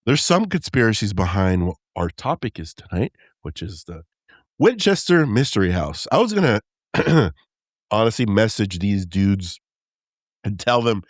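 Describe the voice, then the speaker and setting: A man's voice: lowish voice, sing-song, no echo, clean studio sound. A man co-hosting a casual podcast, playful and joking as he steers the talk. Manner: playful, joking, quick to laugh. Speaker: podcast co-host.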